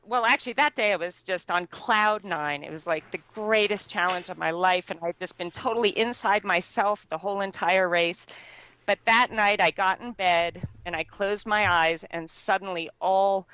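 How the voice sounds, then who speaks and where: A woman guest telling a personal story in a lively, chatty way, with lots of fillers and frequent laughs. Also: mid-range voice, moderate pace, smooth, rough recording. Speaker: interview guest. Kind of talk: casual storytelling.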